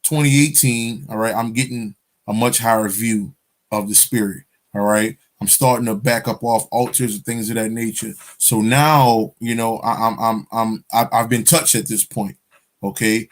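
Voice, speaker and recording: A man's voice: on the low side, fairly even intonation, moderate pace. A man telling a personal spiritual story in a casual, profane, rambling monologue, often checking in with "you understand?". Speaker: spiritual vlogger.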